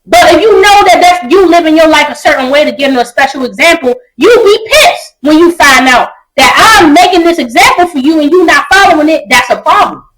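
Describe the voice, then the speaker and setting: A woman's voice: high-pitched, animated, fairly quick, few pauses, a bit bright, low-quality recording. A woman co-hosting a casual podcast, blunt and profane, acting out quotes as she talks. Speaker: podcast co-host. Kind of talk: casual chat.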